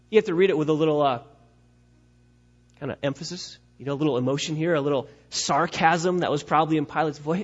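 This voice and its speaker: A man preaching a sermon, emphatic and direct with his listeners, swinging from loud declarations to hushed asides, on a dull lo-fi recording. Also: sits high, brisk, long pauses. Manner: addresses the congregation directly, urging them to stay with him. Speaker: pastor.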